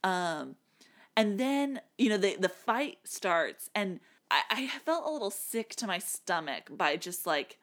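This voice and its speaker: Animated woman giving frank film opinions. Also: mid-range voice, a little slow. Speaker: podcast co-host. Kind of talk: casual film review chat.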